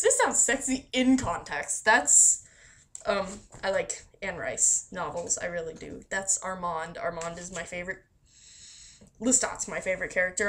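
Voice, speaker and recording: A woman's voice: medium pitch, a bit bright. Chatty woman rambling with laughs. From Florida. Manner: chatty and self-deprecating, laughs often, swears casually. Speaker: vlogger answering a voice meme questionnaire. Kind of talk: casual rambling monologue.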